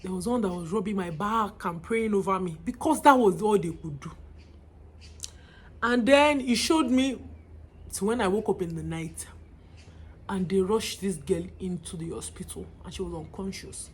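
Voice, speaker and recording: A woman's voice: mid-range voice, normal speed, breathy edge. A Nigerian woman in her twenties telling a personal story in a casual, emotional way. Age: 20s. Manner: emotional, lively retelling. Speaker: vlogger.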